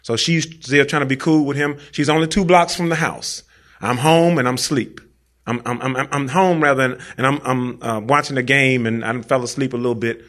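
A man with a mid-range voice and a fairly bright tone tells a personal story live on stage at a moderate pace. He's slangy and casual, addressing the audience directly as if in conversation.

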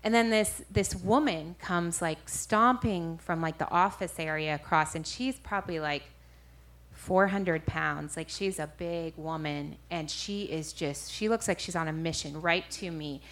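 A woman's voice: on the low side, a little slow, fairly bright tone. A woman minister giving a personal testimony to an audience, storytelling animatedly with frequent self-corrections. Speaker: street minister.

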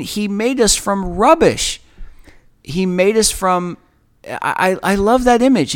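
A man hosting a podcast, giving a reflective, earnest Bible teaching in a conversational way with emphatic pauses. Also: on the high side. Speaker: podcast host leading Bible study.

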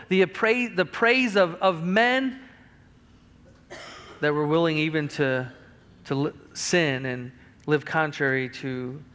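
High-voiced preaching pastor. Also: male voice, a bit bright. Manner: emphatic preaching that rises in pitch and volume, with restarts; reads scripture aloud in King James wording. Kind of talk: sermon.

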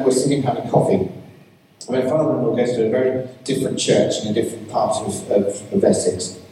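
A man's voice: medium pitch, mellow, slight background noise. A man preaching a sermon, telling a story and pressing his point with emphatic rhetorical questions. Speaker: pastor. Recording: echoey hall, mic from far off.

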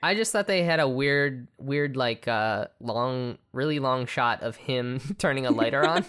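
Very low-voiced young woman chatting. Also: smooth. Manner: relaxed, halting, laughs a lot. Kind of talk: casual chat about a film.

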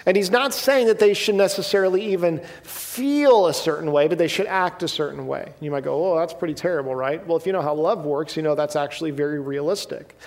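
A man's voice: fairly high pitch, fairly quick, few pauses. A man giving a sermon in a casual, conversational way, often checking in with the room. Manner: conversational, asks the room "right?" and "okay?". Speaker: pastor. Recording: long reverb of a hall.

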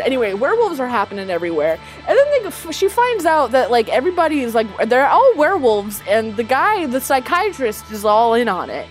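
A woman co-hosting a podcast, rambling through a profane, casual movie recap full of "like" and quick asides. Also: fairly high pitch, big pitch swings, soft background music. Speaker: podcast co-host.

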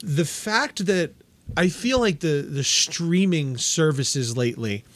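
A man's voice: a little high, animated, slow, fairly bright tone, no echo. Eager male filmmaker, dry close sound. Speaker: podcast guest, filmmaker. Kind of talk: casual podcast chat.

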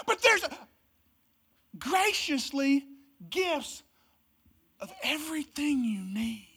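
Bright, emphatic preacher giving a sermon. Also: expressive, takes it slowly, pauses often. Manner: emphatic, swings from loud exclamations to low hushed delivery. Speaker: pastor. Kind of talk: Christmas sermon. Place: church service.

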